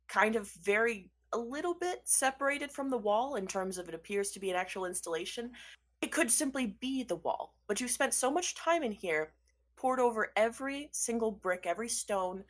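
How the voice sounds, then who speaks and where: A woman running a tabletop role-playing game, describing scenes to a player in a playful, unhurried way. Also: mid-range voice. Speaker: game master.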